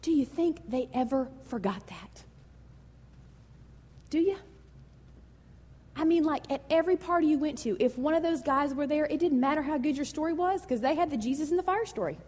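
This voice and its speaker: A woman pastor preaching a sermon in a lively, conversational and emotional way. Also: high voice, moderate pace, long pauses, long reverb tail.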